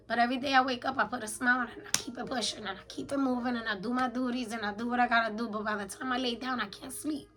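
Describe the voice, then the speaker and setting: A woman's voice: fairly high pitch, rough recording. A woman in her thirties speaking in a candid confessional journal, weary and blunt, swearing often. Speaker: mother journaling on camera.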